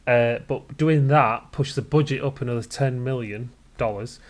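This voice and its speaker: A man's voice: medium pitch, normal speed. Man, podcast co-host, easygoing, casual chat, trivia facts.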